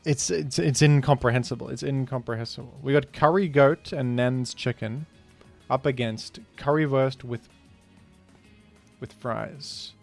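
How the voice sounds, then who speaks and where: A man streaming a food guessing game, talking casually with animated, incredulous outbursts. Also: mid-range voice, measured pace, gravelly, soft background music. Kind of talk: casual gaming commentary.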